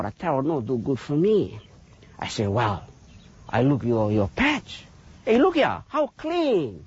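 A man's voice: high-pitched, breathy edge, dry recording, lo-fi sound. A man with a Hawaiian Pidgin accent, a taro farmer explaining his fields on a farm tour in a folksy way, tagging "yeah?" onto his points. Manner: animated, folksy, lots of "yeah?" tags.

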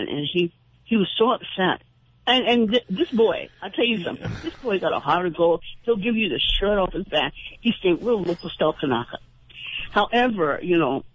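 A man hosting a call-in radio show, speaking in an impassioned, indignant, rambling way with frequent restarts. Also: high-pitched. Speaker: radio talk show host. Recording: dull lo-fi radio broadcast.

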